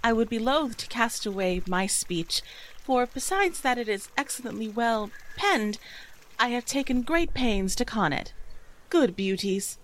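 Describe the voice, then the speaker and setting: An actress playing a young envoy in disguise in Elizabethan stage style, earnest and courtly. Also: female voice, a little high, animated, unhurried, poor audio.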